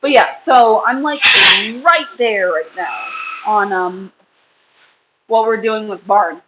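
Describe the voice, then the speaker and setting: A woman's voice: mid-range voice, expressive, slow pace, lo-fi sound, noisy background. A woman in her thirties hosting a casual livestream chat, rambling and reading comments while feeding her kids. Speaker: livestream host and rabbit breeder.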